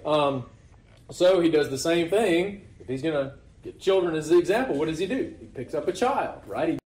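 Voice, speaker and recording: Male preacher with a slightly high voice and a conversational sermon delivery; echoey hall recording. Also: expressive, normal speed, darkish tone. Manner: conversational, asks rhetorical questions. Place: church meeting hall.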